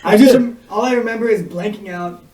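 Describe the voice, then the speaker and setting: A man on a podcast chatting casually and throwing in quick remarks. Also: high-pitched, a little mellow, reverberant, recorded from a distance, poor audio. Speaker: podcast co-host. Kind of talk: casual group chat.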